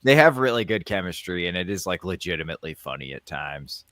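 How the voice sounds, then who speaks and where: A man co-hosting a casual live stream, relaxed and measured as he gives opinions. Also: sits low, dry recording, clean studio sound. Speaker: podcast co-host.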